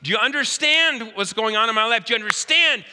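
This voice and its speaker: A man's voice: extremely high pitch, lively intonation, a little fast, noisy background, voice pushed up. A man voicing a desperate poor widow and mother in a sermon, with pleading, exasperated questions. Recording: hall reverb.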